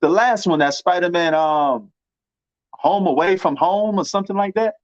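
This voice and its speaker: A man's voice: sits high, moderate pace, no room sound, highs cut off. A man with a New York accent chatting casually and rambling about movies, full of slang and fillers. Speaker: movie commentator. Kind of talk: casual chat.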